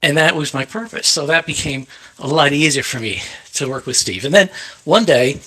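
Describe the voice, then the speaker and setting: A man, a photographer, telling a lively anecdote on a panel and acting out the quotes. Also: a little high, normal speed, breathy edge. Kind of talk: storytelling on a panel.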